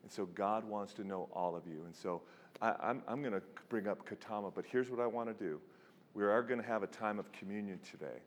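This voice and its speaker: Male pastor, low voice, animated sermon storytelling, big echoing hall. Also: fairly quick, a little hiss or hum. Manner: animated storytelling, drops to a hushed voice for serious points. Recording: long hall reverb.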